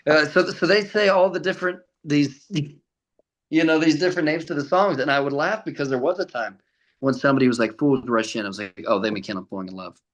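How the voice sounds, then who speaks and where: A man's voice: a little high, fast talker, low-quality recording. Chatty man telling stories, laughing. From Colorado. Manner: chatty storyteller, laughs often, acts out other voices. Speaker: tribute artist to a famous singer, guest. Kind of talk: casual podcast chat.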